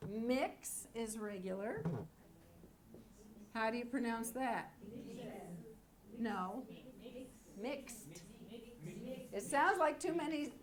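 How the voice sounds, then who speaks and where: Slow, clear ESL teacher woman. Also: a little high, animated, crowd noise. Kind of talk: classroom teaching. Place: classroom.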